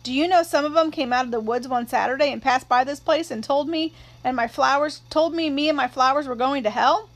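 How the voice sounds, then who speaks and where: A woman voicing a sharp-tongued older woman neighbor who talks in a dry, blunt way, as part of a storybook reading. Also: sits high, brisk, few pauses. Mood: wry.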